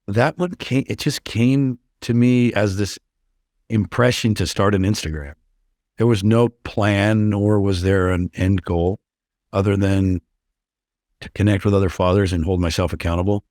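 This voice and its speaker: Podcast guest, middle-aged man; low-pitched, raw and candid, swears freely. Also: no echo, studio quality. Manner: intense, blunt, swears freely. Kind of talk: candid interview talk.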